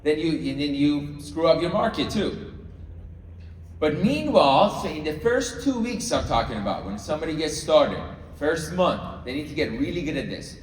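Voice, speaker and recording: A man's voice: on the high side, very animated, moderate pace, a little hiss or hum. A man giving a live sales training to a room, coaching the audience and often checking that they follow along. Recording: echoey hall, mic far off.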